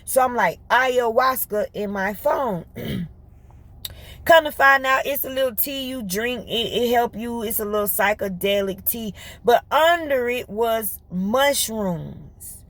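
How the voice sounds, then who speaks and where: Chatting informally with her audience, this woman vlogger shares a story in a voice on the high side. Her energy is bright, her speech comes in rapid bursts, and laughter punctuates it frequently.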